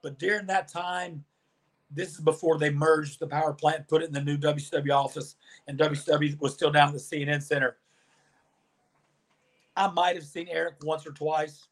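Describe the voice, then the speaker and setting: A man with a somewhat high voice tells stories as a podcast guest. He is animated and chatty, and he acts out other people's lines as he goes. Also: moderate pace. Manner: animated storyteller, acts out quoted dialogue. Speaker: podcast guest, former pro wrestler. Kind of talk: storytelling interview answers.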